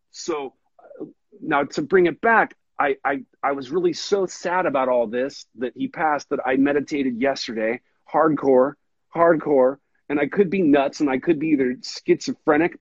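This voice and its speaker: A man hosting a podcast in casual chat, rambling and earnest, with a husky voice. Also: medium pitch, no echo, muffled recording. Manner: rambling, earnest, says dude a lot. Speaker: podcast host.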